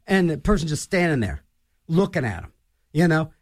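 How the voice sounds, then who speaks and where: A man delivering a comedic rant, rambling and animated, full of restarts and mock voices. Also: a little high, moderate pace.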